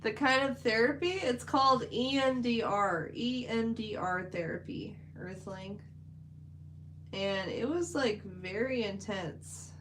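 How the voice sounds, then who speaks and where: A woman's voice: a little high, unhurried, a bit bright, slight background noise, poor audio. Chatty woman streaming. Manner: chatty, rambling, many "like" fillers. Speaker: livestream host. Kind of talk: casual livestream chat while painting.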